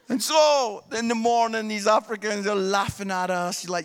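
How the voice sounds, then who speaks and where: A pastor telling a story in his sermon with animated delivery, breaking into shouts at times. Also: high-pitched, measured pace, few pauses, smooth.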